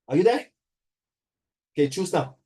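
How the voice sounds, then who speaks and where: Singaporean man as a teasing, language-mixing tutor, warm relaxed timbre. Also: on the high side, moderate pace, slightly rough. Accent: Singaporean English. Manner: playful and teasing, switches between languages. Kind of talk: casual one-on-one tutoring.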